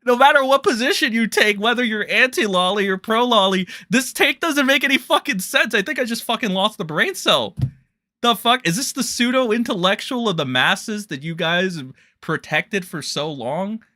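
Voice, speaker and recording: A man's voice: high voice, lively intonation, moderate pace, sharp tone, no room sound, clean studio sound. A man ranting as a commentary streamer, profane, sarcastic and incredulous.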